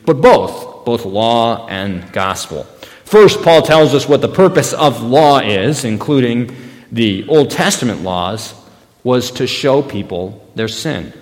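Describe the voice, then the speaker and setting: A man giving a sermon as pastor, talking in a conversational way, with stories and emphatic rises. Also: mid-range voice. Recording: long reverb in a hall.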